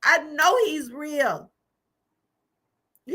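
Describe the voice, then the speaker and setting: A woman's voice: high voice, takes it slowly, pushed and bright. A woman, hosting her own livestream and giving an emphatic, repetitive, preacherly testimony. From Georgia, US. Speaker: channel host.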